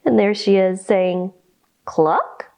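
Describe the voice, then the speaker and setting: A woman leading a children's storytime with yoga instruction, reading aloud in a playful, expressive way. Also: high-pitched. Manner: animated, playful, slow and expressive.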